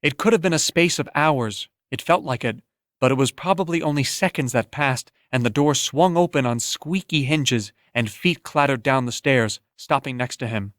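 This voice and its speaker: A man's voice: mid-range voice, normal speed, fairly bright tone, no echo. Man narrating an audiobook in a dry, close voice. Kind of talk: scripted narration.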